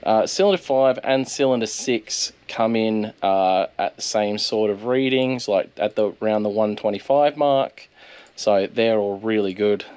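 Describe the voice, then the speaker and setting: A man's voice: fairly low pitch, unhurried, darkish tone, clear, resonant tone, no echo. A man with an Australian accent, hosting his channel and narrating casually over his footage in a laid-back, chatty way. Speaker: channel host.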